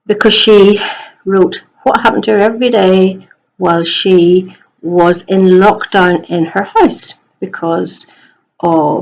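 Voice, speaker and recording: A middle-aged woman teacher at home, chatting gently in a recorded message to young pupils. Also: lowish voice, gravelly, lo-fi sound. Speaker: primary school teacher.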